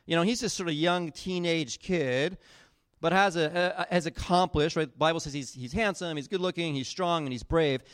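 A man preaching a sermon, retelling a Bible story in a casual, animated way with acted-out quotes. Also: on the high side, normal speed, no echo, clean studio sound. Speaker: pastor.

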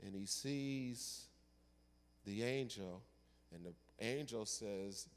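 A male pastor delivering a sermon with dramatic storytelling that swings from loud to hushed. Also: fairly low pitch, takes it slowly, long reverb tail.

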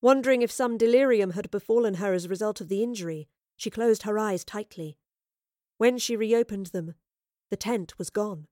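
A woman narrating a storybook reading in a steady, even way. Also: medium pitch, normal speed, no echo, clean studio sound.

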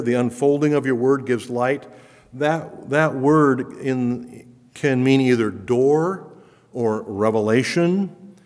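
A pastor delivers a sermon to his congregation in an earnest, emphatic way, his voice rising when he dwells on awe and wonder. His man's voice sits at a middle pitch. It rings out in a church sanctuary with a long, lingering reverb.

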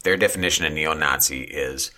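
Deep, bright-toned podcast co-host, a man. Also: a little fast. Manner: easygoing, agreeable, laughs often. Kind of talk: casual political podcast chat.

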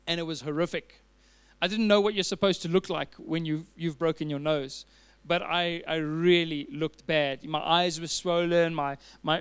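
A man's voice: high-pitched, a bit bright, clear, resonant tone. A man preaching a sermon as a pastor, telling a personal story with earnest fillers and restarts.

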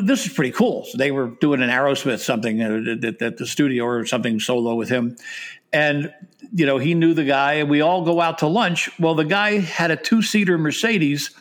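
A middle-aged man, the guest, telling self-deprecating anecdotes in a rambling way, with frequent restarts and laughter. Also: a little high. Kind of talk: anecdotal storytelling.

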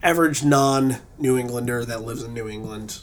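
A man's voice: medium pitch, normal speed, a crowd in the background. A man co-hosting a podcast, talking in a loose, rambling way with many fillers and restarts. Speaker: podcast co-host. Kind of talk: casual podcast chat. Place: lives in New England.

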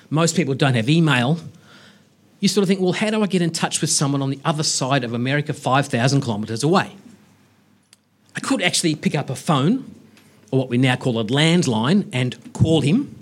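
Lively, humorous male lecturer. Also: fairly high pitch, breathy edge. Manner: lively, humorous storyteller, self-deprecating asides. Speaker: university lecturer giving a public science talk. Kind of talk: storytelling public lecture.

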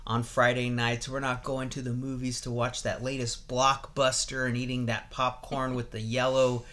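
A man opens the show as host, stacking up his points in a steady, repetitive rhythm. His pitch sits in the ordinary middle for a man, with a casual, even delivery. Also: normal speed. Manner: steady, building lists by repetition.

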